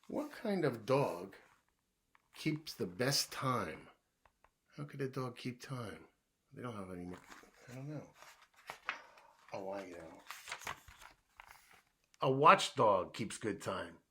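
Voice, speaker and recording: A man reads a children's riddle book aloud at an easy, unhurried pace. His voice is bright and forward. He plays both sides, asking each riddle, answering in a hushed, puzzled voice, then giving the punchline himself. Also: medium pitch, lively intonation, a little hiss or hum. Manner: drops to a hushed voice when playing the puzzled guesser.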